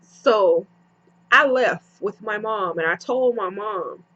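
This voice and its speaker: Young woman vlogger, unhurried husky delivery, animated slangy storyteller, lo-fi home recording. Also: medium pitch. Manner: animated, acts out both sides with slangy asides. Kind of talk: casual storytime.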